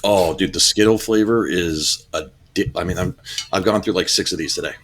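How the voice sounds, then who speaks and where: A man's voice: low voice, a little fast. A man co-hosting a podcast in casual chat, chatty and enthusiastic. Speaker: podcast co-host.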